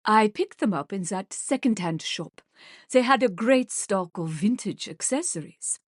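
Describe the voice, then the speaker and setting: A charming, stylish woman with a faint German accent, played by a woman narrating an audiobook. Her friendly talk sits at a mid pitch. The reading is dry and close to the mic. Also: lively intonation, a little slow, breathy edge, no room sound. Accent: slight German.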